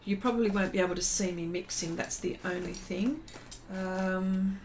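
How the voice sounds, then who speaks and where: A woman's voice: mid-range voice, fairly even intonation, normal speed, darkish tone, slight background noise. A woman hosting a casual art livestream, chatting in a rambling way with many fillers and greeting viewers by name.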